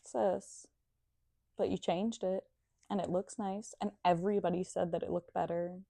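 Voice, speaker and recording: A woman's voice: on the low side, fairly even intonation, moderate pace, creaky, dark tone, no echo, studio quality. A woman talking in a casual monologue, sardonic and profane.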